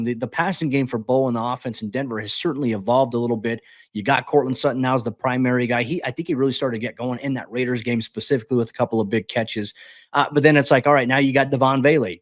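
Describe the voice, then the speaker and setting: A man talks football at a brisk clip, previewing a game as a podcast co-host. His delivery is animated and full of quick restarts and "hey" asides. The sound is dry and close, with little room tone. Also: medium pitch, no room sound. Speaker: beat reporter and podcast co-host. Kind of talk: sports podcast preview talk.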